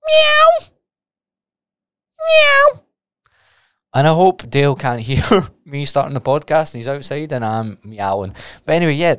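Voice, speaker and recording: A man's voice: mid-range voice, a little fast, clean tone, dry recording, clean studio sound. A Scottish man hosting a solo podcast, talking casually and rambling off on tangents, with the odd swear. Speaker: podcast host and personal trainer.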